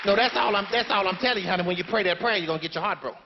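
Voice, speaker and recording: A man's voice: high voice, racing, a faint crowd, slight background noise. A man playing a sassy, preachy older grandmother in a stage play monologue, handing out blunt, folksy, sermon-like life advice. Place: theater stage before a live audience. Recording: dull live stage recording in a reverberant hall.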